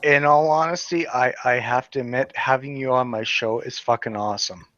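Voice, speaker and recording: A man's voice: mid-range voice, fairly even intonation, moderate pace, pushed and bright, muffled recording. A man in his thirties hosting a casual chat, rambling, swearing and laughing often. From Western Canada. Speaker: channel host.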